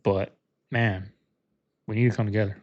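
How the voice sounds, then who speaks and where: A man's voice: lowish voice, steady tone, moderate pace, dull audio, background noise. A man hosting a reaction channel, talking casually and earnestly straight to his viewers, rambling a little as he gives his view.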